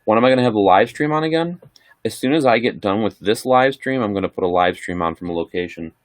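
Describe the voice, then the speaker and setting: In clean studio sound with no room noise, a middle-aged man with a lowish voice talks animatedly at a quick pace. He's hosting a casual live chat, answering viewer questions in a rambling, relaxed manner.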